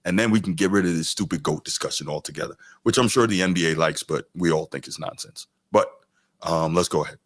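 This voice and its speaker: A man's voice: sits low, quick pace, no room sound. A podcast host talking casually to his chat, reacting to a clip and getting worked up and exasperated as he argues his point. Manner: animated and exasperated, voice rising sharply when ranting.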